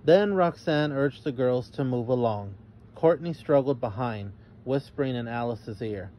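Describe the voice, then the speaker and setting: A man reading a children's story aloud as narrator, in a measured way. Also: medium pitch, animated, dull audio, slight background noise.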